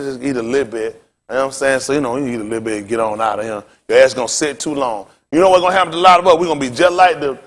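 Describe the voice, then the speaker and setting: A man's voice: fairly high pitch, a bit bright. A male pastor preaching a blunt, profane sermon, telling stories with laughter. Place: synagogue hall. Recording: long hall reverb.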